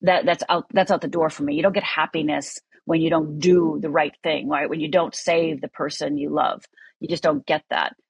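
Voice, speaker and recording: Husky low-voiced woman telling her story. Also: fairly even intonation, normal speed, no room sound. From Upper Michigan. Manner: earnest, candid, with many "you know" fillers. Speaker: guest. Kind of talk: personal storytelling.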